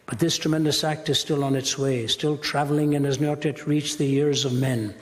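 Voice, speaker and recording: A man preaching a sermon with a dramatic, emphatic delivery and slow stressed phrases. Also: a little high, creaky. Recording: long hall reverb.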